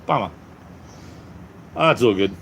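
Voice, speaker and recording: A man's voice: lowish voice, expressive, unhurried, vocal fry, background noise. A man with an Australian accent chatting casually on a live stream, answering viewers in an easygoing way with lots of ums and restarts. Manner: easygoing, repeats "it's all good, mate", many ums and restarts.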